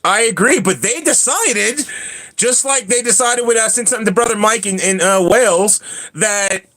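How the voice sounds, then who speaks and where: Bright-voiced man ranting on a stream. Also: high voice, moderate pace. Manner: animated, ranting, coughs and clears throat. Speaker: livestream host. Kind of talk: casual chat with viewers.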